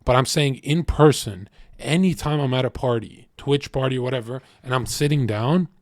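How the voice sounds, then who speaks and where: Male streamer, brash and profane, animated storyteller, mid-pitched, dry close mic. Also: moderate pace, dry recording. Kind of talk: livestream rant.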